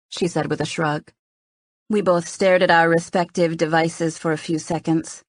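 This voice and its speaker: Low-voiced woman narrating an audiobook. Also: flat delivery, normal speed, no room sound, studio quality. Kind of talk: scripted first-person narration.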